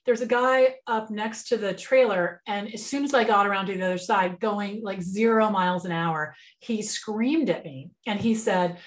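Woman business mentor, webinar, relaxed chatty delivery, plain computer mic. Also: mid-range voice, normal speed. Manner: relaxed, chatty, frequent fillers and restarts. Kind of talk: conversational webinar presentation.

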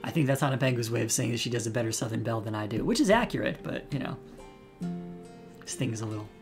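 A man's voice: medium pitch, animated, quick pace, over music. Easygoing male streamer chatting with viewers. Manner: easygoing, self-deprecating, chats with viewers. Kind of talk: casual live game commentary.

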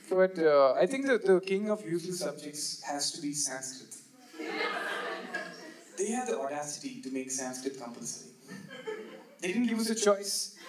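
A young man from India performing stand-up comedy, animated and jokey, acting out quick bits of dialogue. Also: high-pitched. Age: 20s. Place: live comedy venue with audience.

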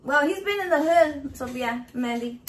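Cooking in her home kitchen for a recipe video, a high-voiced woman chats casually at normal speed. She swears constantly and tells stories in a crude, lively way.

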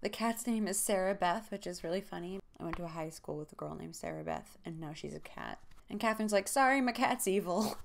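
A woman's voice: on the low side, gravelly, a little hiss or hum. Sarcastic young woman recapping a book. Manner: sarcastic, jokey asides. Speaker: podcast host.

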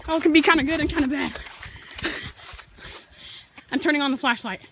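A woman's voice: high-pitched, moderate pace. A woman acting in an amateur horror skit in a backyard at night, sounding nervous and urgent. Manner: nervous, tells scary legends, urgent. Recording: noisy outdoor home recording.

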